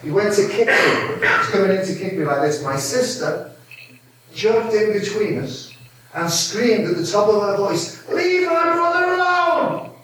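A man's voice: high voice, moderate pace, a bit bright, a little hiss or hum. An older man from Merseyside preaching a sermon, telling family stories with humour, chuckling often and restarting his sentences. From Merseyside, England. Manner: humorous, chuckling often, stop-start restarts. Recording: echoey hall, from far off.

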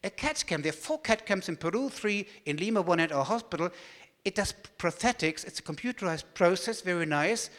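A man with a German accent telling a story as he gives a talk, lively and animated. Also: sits high, brisk, in a large hall. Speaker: speaker giving a talk.

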